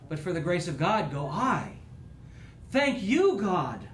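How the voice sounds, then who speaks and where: High-voiced man preaching in an echoey church. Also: a little hiss or hum. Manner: earnest, rising and falling preaching cadence. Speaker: pastor. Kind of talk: sermon.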